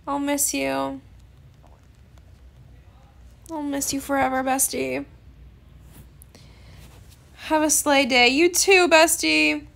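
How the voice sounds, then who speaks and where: A woman's voice: high voice, steady tone, slow pace, vocal fry, long pauses, a bit bright. A young woman hosting a gaming video, chatting casually and hesitantly with lots of fillers. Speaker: gaming channel host. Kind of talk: casual gameplay chat.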